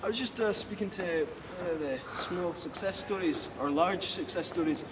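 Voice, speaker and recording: A man hosting a spoof town tour, talking outdoors in a rambling, deadpan way with swearing asides. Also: high voice, moderate pace, a crowd in the background. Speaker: spoof town guide host. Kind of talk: mock-serious walking tour monologue. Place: outdoors in town streets, windy. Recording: windy outdoor sound, far from mic.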